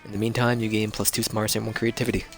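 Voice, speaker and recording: A man's voice: lowish voice, little pitch movement, quick pace, faint music behind. A man reading game text aloud on a live stream, casual and joking. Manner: casual, joking, playful narration. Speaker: streamer playing a dating game.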